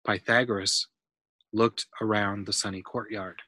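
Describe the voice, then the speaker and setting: Man reading a storybook to a kid, patient and explanatory; very bright tone, dry close mic. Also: mid-range voice, moderate pace, no echo. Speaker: reading aloud to a child. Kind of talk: storybook read-aloud with math questions.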